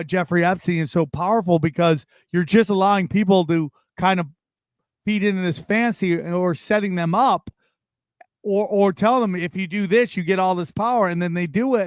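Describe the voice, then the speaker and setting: A man talking casually as a podcast guest, rambling and animated, often calling the listener dude or bro. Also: sits high, smooth, no echo, studio quality.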